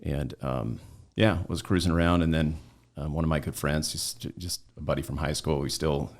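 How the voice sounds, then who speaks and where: A man's voice: very deep voice, fairly even intonation, moderate pace. A man in his forties from southern Utah, a former deputy, telling rambling stories as a podcast guest and often checking in with "right?". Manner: rambling, keeps tagging lines with "right?". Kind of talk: casual interview storytelling.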